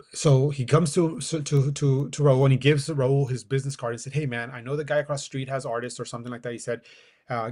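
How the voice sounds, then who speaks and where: Middle-aged male storyteller, casual and animated, acts out quoted dialogue, mid pitch. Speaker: guest.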